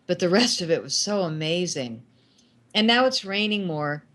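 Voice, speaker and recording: A middle-aged woman, a guest filmmaker, telling animated anecdotes in casual talk and acting out the lines of the people in them. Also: lowish voice, normal speed. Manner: animated anecdotes with acted quotes. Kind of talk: casual storytelling.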